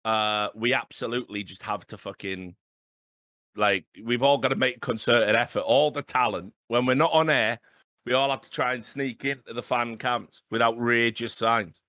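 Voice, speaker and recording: A man in his late thirties hosting a podcast, telling a story in an animated, sweary way and often asking "right?". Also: mid-range voice, normal speed, no echo, clean studio sound. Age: 30s. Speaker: podcast host. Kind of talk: casual storytelling chat.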